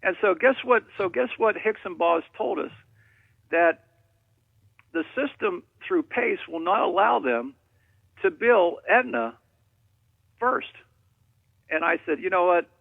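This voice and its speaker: A man's voice: high-pitched, lively intonation, slow, creaky, pauses often, breathy edge, no room sound. A man calling in to a radio show, telling rambling, jokey stories over a phone line. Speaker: caller.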